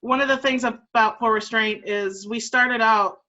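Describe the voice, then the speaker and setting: A woman co-hosts a streamed show in a friendly, conversational way. Her voice is bright and a little high. The sound is dull and lo-fi. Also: steady tone, unhurried. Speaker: show host. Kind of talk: casual chat on a streamed show. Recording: dull lo-fi audio.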